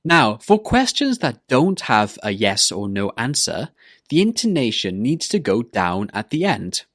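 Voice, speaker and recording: A male pronunciation teacher talks slowly and deliberately, modelling example words and questions for listeners to repeat. His pitch moves in a lively way as he shows the intonation. The recording is dry and close. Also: dry recording. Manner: slow, careful modelling of words and questions for repetition. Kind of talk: English pronunciation lesson.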